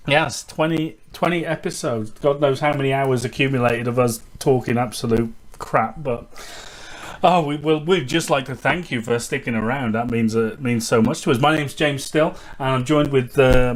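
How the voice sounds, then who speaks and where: A man hosting a casual podcast chat, animated and often laughing. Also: mid-range voice. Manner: animated, laughing, quick asides. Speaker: podcast host. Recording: faint background noise.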